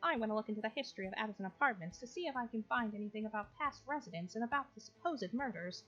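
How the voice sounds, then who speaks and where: A woman's voice: fairly high pitch, lively intonation, rapid-fire, sharp tone, pitched above the performer's own voice. A woman voicing a brainy young male paranormal researcher, earnest and studious, reading game dialogue aloud. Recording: lo-fi with faint game music.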